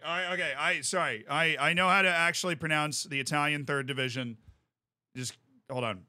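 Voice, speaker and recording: A man in his twenties with an American accent, chatting casually on a live stream as he plays a game and reads out chat, bursting into excited yells. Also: a little high, moderate pace, dry recording. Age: 20s. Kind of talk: casual live-stream commentary while gaming.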